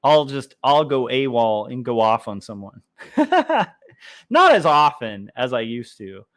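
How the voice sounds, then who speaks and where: A man's voice: mid-range voice, sing-song, unhurried, fairly bright tone. A man hosting a livestream while he draws comics, chatting casually and reading out chat messages, rambling with many fillers and restarts. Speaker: livestream host drawing comics.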